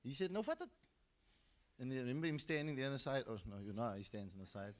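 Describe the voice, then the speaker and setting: This middle-aged South African man talks rapid-fire and animated at a medium pitch. He gives a storytelling speech at a school football launch, acting out the characters he quotes.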